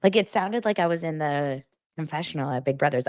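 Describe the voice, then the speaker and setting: A young adult woman hosting a casual celebrity gossip show, chatty and animated, jumping between stories with quick asides. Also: sits low, dry recording, clean studio sound. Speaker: host.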